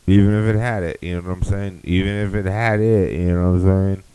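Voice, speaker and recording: A young man with a deep, low voice hosts a podcast and riffs through a crude comic rant. He rambles, swears freely and keeps circling back to the same catchphrase. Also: fairly even intonation, fairly quick, mellow, clear, resonant tone, poor audio. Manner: rambling, profane, riffing. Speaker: podcast host.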